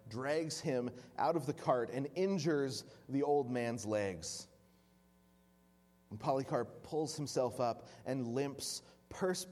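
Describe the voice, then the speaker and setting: A man's voice: medium pitch, a little mellow. A man preaching, retelling an old story with vivid, dramatic narration. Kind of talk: sermon storytelling. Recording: long hall reverb.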